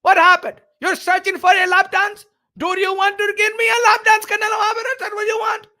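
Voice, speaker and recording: Brief: an outraged rich boxing financier, middle-aged, shrill and shouting, firing scolding questions. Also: male voice, little pitch movement, a little fast, exaggerated voice. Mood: indignant.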